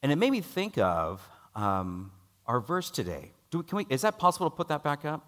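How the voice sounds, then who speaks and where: A middle-aged man preaching a sermon and telling a personal story, rising loud for dialogue and dropping low and quiet for worry. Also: huge pitch swings, normal speed.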